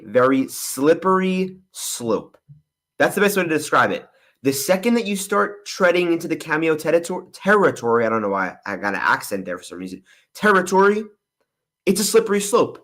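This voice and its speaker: A man's voice: on the high side, fairly bright tone. Young guy rambling thru a movie q&a stream, keeps saying honestly, super candid. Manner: rambling and candid, often says honestly and "I'm gonna be real". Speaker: movie reviewer hosting a livestream Q&A. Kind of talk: casual livestream chat answering viewer questions.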